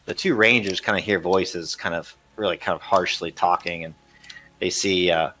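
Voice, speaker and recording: A man's voice: deep voice, moderate pace, pushed and bright. A man narrating a tabletop game as game master, hesitant and full of fillers.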